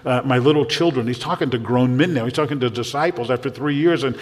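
A male pastor preaching a sermon in a church, animated, often acting out the voices he quotes and repeating words as he goes. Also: medium pitch, fast talker. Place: church sanctuary. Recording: long hall reverb.

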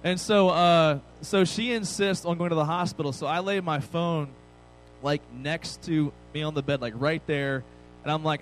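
A man's voice: fairly high pitch, normal speed, faint music behind, rough recording. A man in his thirties giving a casual, conversational sermon with self-deprecating humor. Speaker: pastor. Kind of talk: sermon with personal story.

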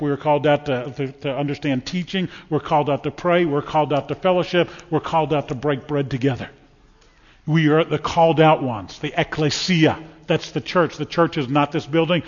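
A man's voice: a little high, lo-fi sound. Man preaching in an echoey church. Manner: emphatic preaching, swings from loud to hushed. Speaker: pastor. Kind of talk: sermon. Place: church sanctuary.

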